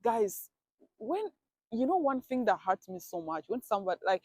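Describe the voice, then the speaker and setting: Woman, storytime vlogger, chatty, dramatic, talks to herself, mid pitch, dry close sound. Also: sing-song, moderate pace, darkish tone, no room sound. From grew up in a village abroad. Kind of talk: casual storytime vlog.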